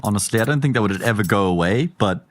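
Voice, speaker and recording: A man with a South African accent giving live play-by-play commentary on an esports match, animated and jumping up in pitch when excited. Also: quick pace, a little hiss or hum. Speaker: esports caster.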